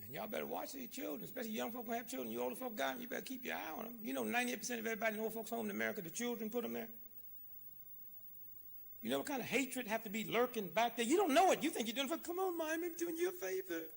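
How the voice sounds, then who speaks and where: A man giving an impassioned, sarcastic lecture, swinging between shouting and hushed asides. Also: very high voice, very fast, creaky, slightly rough. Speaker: public speaker. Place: lecture hall.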